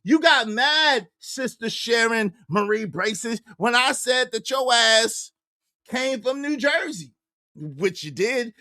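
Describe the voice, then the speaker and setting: A man hosting a livestream podcast, ranting in a repetitive, animated way and calling out his critics. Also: extremely high pitch, slow pace, no room sound, clean studio sound. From New York. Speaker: podcast host.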